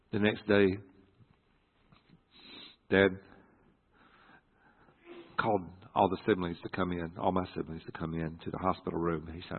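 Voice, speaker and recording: A middle-aged man telling a personal story from the pulpit, halting and earnest with many restarts. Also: sits low, level tone. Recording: echoey hall through a phone-like line.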